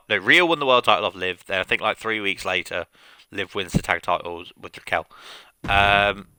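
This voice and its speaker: A man with a very bright, clean voice chats casually on a game stream, retelling plots in a rambling, animated way. The sound is dry and close. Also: fairly low pitch, smooth, no room sound. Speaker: gaming streamer. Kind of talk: casual chat recapping storylines.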